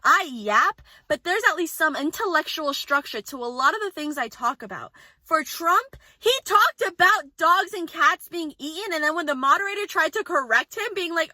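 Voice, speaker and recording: Young woman ranting in her car, high voice, bright and sharp, filming on her phone. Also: dry recording. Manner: fast, animated venting. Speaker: vlogger. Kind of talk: casual rant to camera. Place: inside her parked car.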